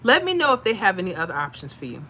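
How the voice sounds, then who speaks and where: A woman's voice: mid-range voice, huge pitch swings, racing, pushed and bright, slight background noise. A woman hosting a casual livestream, talking freely with viewers and reacting to their comments. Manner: chatty, reads viewer comments aloud, emotional asides. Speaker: livestream host giving lottery picks.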